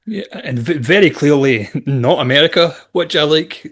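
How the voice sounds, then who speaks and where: A man's voice: fairly high pitch, lively intonation, moderate pace, fairly bright tone. Man, thoughtful rambling podcast guest. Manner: thoughtful, rambling with restarts and asides. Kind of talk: casual chat.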